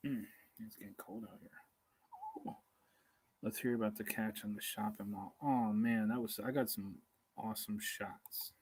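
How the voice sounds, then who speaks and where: A man talks loosely through a live stream outdoors, tired and hungry, stopping and restarting his thoughts. His voice is somewhat low with a husky edge. He chuckles between points. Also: fairly even intonation, normal speed, darkish tone, poor audio. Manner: casual, chuckling, talks through hesitations and reads comments aloud. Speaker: beekeeping livestream host. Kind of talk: rambling live-stream chat.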